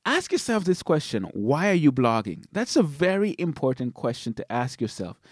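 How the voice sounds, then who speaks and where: A man's voice: on the high side, sing-song, moderate pace, husky, no room sound, studio quality. A man hosting a blogging podcast, giving solo advice in an emphatic way, leaning on key words.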